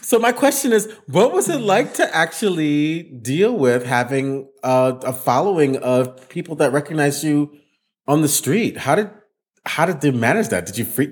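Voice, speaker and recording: A man hosting a casual chat, playful and animated, laughing often. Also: fairly high pitch, normal speed. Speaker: host.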